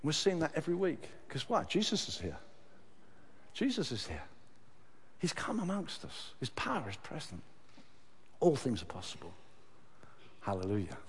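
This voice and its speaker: A man preaching a sermon with passion, moving from hushed, slow passages to loud, high cries. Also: wildly swooping pitch, slight background noise. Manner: impassioned, swings from hushed to shouting. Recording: long hall reverb.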